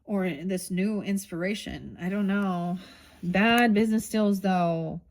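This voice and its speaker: A woman's voice: medium pitch, takes it slowly, darkish tone. Woman, middle-aged, loose chatty tarot reader, rambles and curses casually. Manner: rambling, swears casually, thinks aloud.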